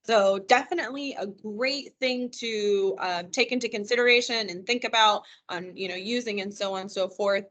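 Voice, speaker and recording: A woman's voice: medium pitch, normal speed, hardly any pauses, fairly bright tone. A woman giving a live virtual financial wellness training, chatty and encouraging as she answers questions from attendees over a computer microphone. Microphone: computer mic on a video call.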